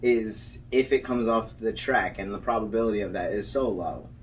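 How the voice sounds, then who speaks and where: Young man, podcast co-host, animated storytelling, swears a lot, mic a bit far off. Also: lowish voice, normal speed, slight background noise. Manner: animated storyteller, swears freely, laughs often. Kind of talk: casual chat.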